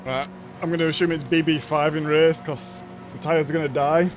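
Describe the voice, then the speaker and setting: A man's voice: on the high side, steady tone, brisk, background noise. Man commentating his racing game. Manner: casual, reacting to the race. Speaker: streamer.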